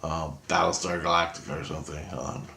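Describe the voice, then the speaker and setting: A man's voice: rumbling low, fairly quick, creaky, roomy sound, a little hiss or hum. A man telling a long, rambling personal story in a casual, profane way, restarting his sentences as he goes. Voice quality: profane, excitable, talks in restarts. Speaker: vlogger.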